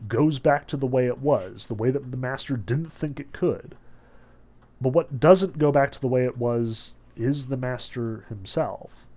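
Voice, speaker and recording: A man's voice: medium pitch, warm tone. Casual man explaining a novel. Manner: casual, many "like" fillers. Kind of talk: casual book discussion.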